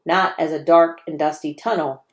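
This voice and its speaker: A teacher with a lower woman's voice reads a chapter book aloud to children at a moderate pace, telling the story expressively. The sound echoes as though recorded in a bare room.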